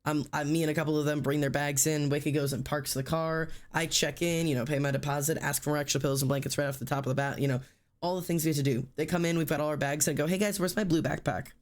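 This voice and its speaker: A man's voice: a little high, little pitch movement, fast. A male streamer telling a story in casual chat, rambling with lots of fillers and acting out what people said. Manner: rambling, filler-heavy, acts out quotes.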